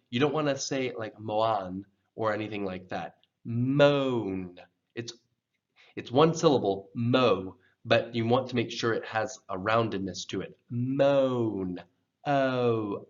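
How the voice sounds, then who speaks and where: A man teaching English pronunciation in a slow, careful lesson, patiently repeating words for learners. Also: mid-range voice. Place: church program video. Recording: dull, lo-fi sound.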